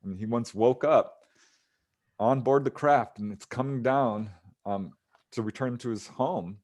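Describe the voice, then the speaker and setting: A man's voice: medium pitch, measured pace, a little mellow. A man, a ufologist guest on an interview show, casually retelling encounter stories, often chuckling and using fillers.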